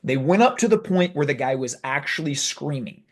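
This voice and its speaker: A man hosting a video, telling a story in a casual, animated, conversational way. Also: on the high side, normal speed. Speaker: video host. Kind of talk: casual talk to camera.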